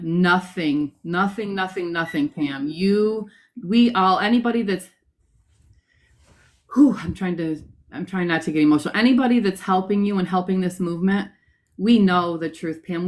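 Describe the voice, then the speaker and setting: A woman's voice: medium pitch, a little mellow, low-quality recording. A woman speaking as a guest on a livestream, emotional and encouraging, repeating words for emphasis.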